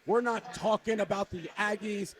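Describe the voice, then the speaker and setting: A man's voice: high voice, steady tone, normal speed. A man co-hosting a live podcast interview, talking in a hyped, emphatic way and repeating lines for punch. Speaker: podcast co-host, sales director. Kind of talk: casual interview talk. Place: live party event.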